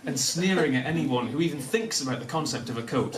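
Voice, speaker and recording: A young man from Newcastle with a softened Northern English accent, telling a self-deprecating personal story to a live audience, often laughing as he talks. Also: medium pitch, a little fast, heavy background noise. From Newcastle, North of England. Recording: echoey room, mic at a distance.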